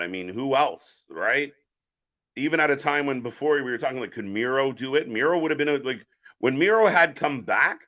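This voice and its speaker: Man, live watch-along host, casual commentary, chatty, sharp bright tone. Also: medium pitch. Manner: chatty, answers viewer chat while calling the action.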